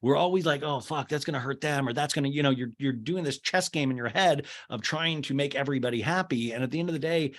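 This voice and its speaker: A man's voice: mid-range voice, quick pace, few pauses. A man hosting a casual solo recap podcast. He rambles in a chatty way, full of fillers, and acts out quotes in exaggerated voices. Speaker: podcast host.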